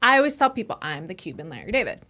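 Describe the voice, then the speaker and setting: A woman's voice: fairly low pitch, sing-song, bright, forceful tone. A woman comedian chatting as a podcast guest in a studio, playful and joking. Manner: playful, joking, quick to laugh. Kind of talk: casual chat.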